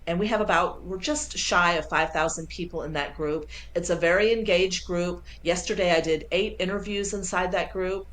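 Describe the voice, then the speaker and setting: Woman, sales coach guest, enthusiastic, lowish voice, video call. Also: moderate pace, few pauses. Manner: energetic, enthusiastic, acts out quoted dialogue. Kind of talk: casual interview.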